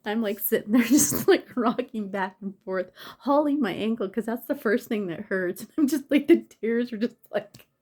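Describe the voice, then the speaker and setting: A woman's voice: a little high, normal speed, hardly any pauses, a little mellow. A woman casually telling a story on her vlog, laughing often and swearing, sounding in pain and close to tears. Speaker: vlogger.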